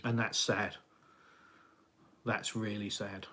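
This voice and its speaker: A man's voice: fairly low pitch, little pitch movement, slow, bright, forceful tone. A middle-aged English man with a southeastern accent and a slight West Country twang, rambling casually on a live stream and answering viewer comments. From England. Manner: rambling, many fillers and restarts, chatty.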